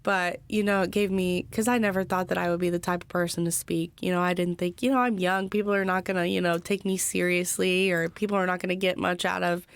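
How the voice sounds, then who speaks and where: A woman in her twenties, a podcast guest, telling her personal recovery story in an earnest, halting way with many fillers. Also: on the low side, little pitch movement, dry recording. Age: 20s.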